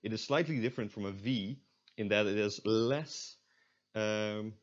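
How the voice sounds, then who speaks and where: A man's voice: lowish voice, unhurried. A young man with a Dutch accent, explaining pronunciation in a casual recorded lesson, with many fillers and restarts. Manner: hesitant, lots of fillers and restarts, demonstrates sounds. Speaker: Dutch language tutor. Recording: dull lo-fi sound.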